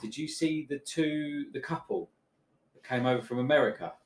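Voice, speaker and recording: A man's voice: medium pitch, normal speed. Chatty man in an echoey room. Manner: chatty, tells stories with filler words. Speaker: podcast co-host. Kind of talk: casual football chat. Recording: roomy echo.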